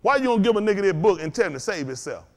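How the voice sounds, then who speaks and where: A man preaching a sermon to a congregation, firing questions at the crowd and swinging between loud and low. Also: expressive, racing. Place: congregation hall.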